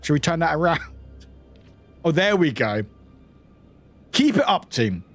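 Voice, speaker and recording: A man's voice: on the high side, big pitch swings, measured pace, faint music behind. A man from the UK streaming a game, chatting casually, laughing and swearing as he plays. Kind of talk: casual live-stream commentary.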